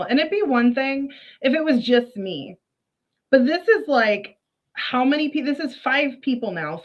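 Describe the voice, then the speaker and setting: A woman streaming casual commentary, indignant and chatty and often breaking into laughter. Her voice sits fairly high. The sound is dull and lo-fi. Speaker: streamer reacting to a clip.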